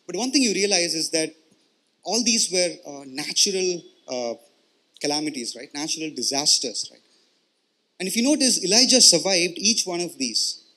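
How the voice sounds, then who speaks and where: A man preaching a sermon in an earnest, conversational way. His voice sits somewhat high and sounds bright and forward. He keeps checking in with his listeners and often repeats words as he explains. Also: expressive, normal speed. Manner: earnest, explanatory, with frequent "you know" and "right?" check-ins and repeated words. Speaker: pastor.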